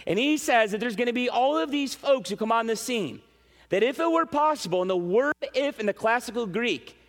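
A man preaching a sermon as pastor, emphatic and animated, speaking straight to his congregation. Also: high-pitched, long reverb tail. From western New York.

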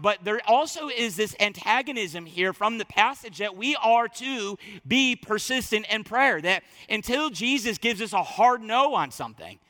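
High, bright-voiced preacher in a reverberant hall. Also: male voice. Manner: emphatic, repeats phrases for stress. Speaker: pastor. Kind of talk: sermon.

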